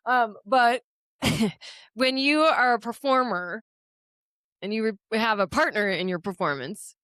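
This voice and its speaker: A young woman co-hosting a casual chat, telling stories loudly and laughing often as she acts out what people said. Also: on the high side, unhurried, no echo. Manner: loud, laughing storyteller who acts out quotes. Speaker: podcast co-host.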